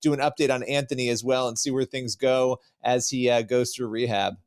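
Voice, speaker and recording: Gravelly-voiced enthusiastic male interviewer. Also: medium pitch, fairly even intonation, brisk. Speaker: interviewer, news host.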